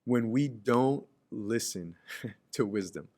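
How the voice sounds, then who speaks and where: A male pastor delivering a sermon in an earnest, conversational way at a medium pitch. He often stumbles and repeats words, then climbs higher and louder to proclaim the scripture. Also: slow pace. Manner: emphatic, repeats and restarts phrases, voice swells on scripture quotes.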